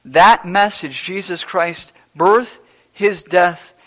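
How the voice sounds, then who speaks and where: A man preaching a sermon to his congregation, emphatic and repetitive, shifting between hushed asides and loud declarations. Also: sits high, slow pace. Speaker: pastor. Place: church service before a congregation.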